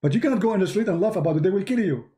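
A man from the Middle East speaks English with an Arabic accent and a somewhat high, mellow voice. He hosts a livestream and tells stories in a mocking, animated way. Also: very fast. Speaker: host. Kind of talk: livestream commentary.

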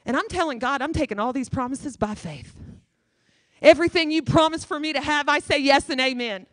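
Preaching as a guest in church, a woman delivers a brisk sermon full of emphatic, repeated phrases. Her voice sits fairly high, and the sound is dry and close with little room echo.

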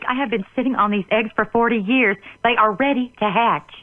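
A woman's voice: a little high, a little fast, no echo, narrow, tinny audio, natural voice. A woman voicing an earnest cartoon wife. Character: chatty, upbeat middle-aged cartoon wife. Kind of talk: animated sitcom voice acting.

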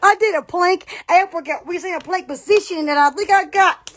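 A woman's voice: extremely high pitch, fairly quick, fairly bright tone. A woman chatting on a live stream, laughing a lot and crying out "oh, yes" over and over. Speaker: online shop owner on a live stream. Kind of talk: excited casual live stream chat.

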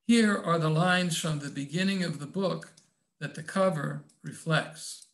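An older man, an author, reading aloud from his own novel in a reflective, measured way and adding his own comments. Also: on the high side, creaky, fairly bright tone.

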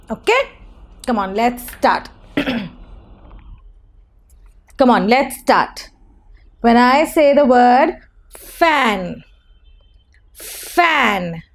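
A young woman teaches toddlers a phonics lesson in a high, sing-song voice. She talks slowly and patiently, coaxing the children along and stretching the sounds she wants them to copy.

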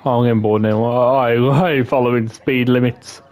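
A man's voice: medium pitch, steady tone, normal speed, a little mellow. A young man chatting casually to himself while playing a game. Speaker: gaming streamer. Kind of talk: casual let's-play commentary.

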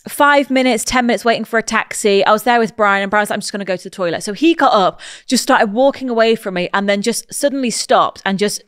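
A young woman co-hosting a podcast, telling a story in casual chat and swearing when excited. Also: mid-range voice, quick pace, few pauses, clear, resonant tone, dry recording, studio quality. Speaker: podcast co-host.

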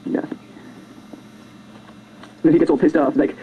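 A speaker rambling through a comic retelling of a film over their own drawings, hurried and jokey, jumping into silly squeaky voices on a home computer mic. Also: fairly even intonation, narrow, tinny audio, slight background noise. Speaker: amateur storyteller narrating drawings.

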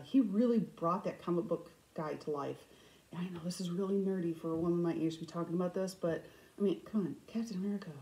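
A middle-aged woman hosting a cross-stitch vlog, chatting casually and telling stories with animated, self-mocking humor. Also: fairly low pitch, low-quality recording. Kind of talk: casual storytelling chat.

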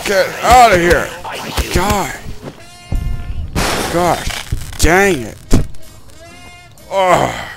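Gamer guy, let's play commentary, gravelly, game music behind him. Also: high-pitched, extremely slow, long pauses. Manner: excitable, yelps and grumbles at the game.

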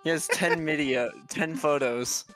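A man throws out crude one-liners during an online match with his friends. His voice sits a bit high for a man, and faint music runs underneath. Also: measured pace, fairly bright tone. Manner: crude, wisecracking. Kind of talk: casual gaming banter.

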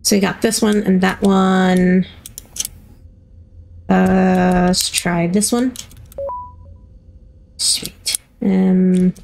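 A woman's voice: medium pitch, steady tone, extremely slow, creaky, pauses often, a little mellow, a little hiss or hum. A woman hosting a gaming video, giving chatty let's-play commentary and playfully reacting to herself as she plays.

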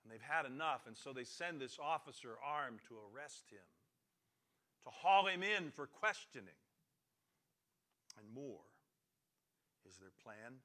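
A man preaching a sermon as pastor, swinging from loud, emphatic lines to quiet, low passages and repeating his key phrases. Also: animated, unhurried, long pauses.

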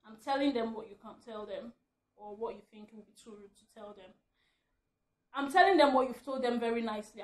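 Woman vlogger, high voice, ranting and laughing, echoey room at home. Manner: animated, laughing mid-rant. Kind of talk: ranting vlog.

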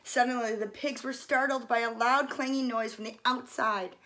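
A woman, a fitness coach, reading a children's story aloud gently and pausing softly to describe the pictures. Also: fairly high pitch, fairly even intonation.

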